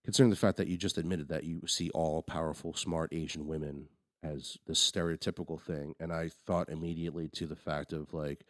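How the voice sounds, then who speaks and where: Very deep-voiced man, rambling podcast chat. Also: fairly even intonation, brisk, hardly any pauses, dry recording, studio quality. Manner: rambling, frequent restarts and fillers. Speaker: podcast co-host. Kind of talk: casual movie review chat.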